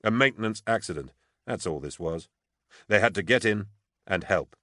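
Deep male narrator, measured, dry studio read. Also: animated, a bit bright, dry recording. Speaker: audiobook narrator. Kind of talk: scripted narration.

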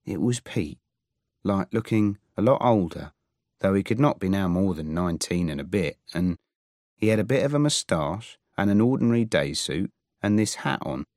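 A man narrating a novel in the first person, unhurried and full of invented slang. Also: low voice, expressive, a little mellow, dry recording, clean studio sound. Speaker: audiobook narrator.

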